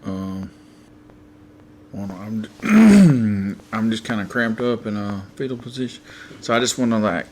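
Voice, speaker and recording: Man, tabletop player, slow, lively intonation, casual. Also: fairly low pitch, a little hiss or hum. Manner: casual, hesitant, in character as a kid. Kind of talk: tabletop game play.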